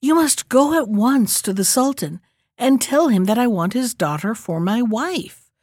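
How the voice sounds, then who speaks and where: A woman's voice: medium pitch, expressive, moderate pace, darkish tone, dry recording, studio quality, natural voice. A woman reading aloud and voicing an idle young man who insists impatiently in a storybook tale. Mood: insistent.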